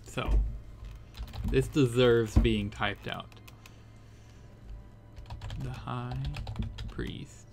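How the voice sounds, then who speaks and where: A man streaming a game, slowly spelling out letters as he decodes text, then breaking into excited disbelief. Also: mid-range voice, vocal fry.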